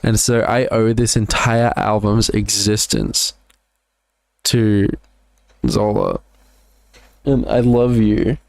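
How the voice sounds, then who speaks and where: A man's voice: lowish voice, animated, slow, gravelly, pauses often, a little mellow, no room sound. A man with an Australian accent casually breaking down his own songs, rambling with lots of "like" and repeated words. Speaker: musician breaking down his album.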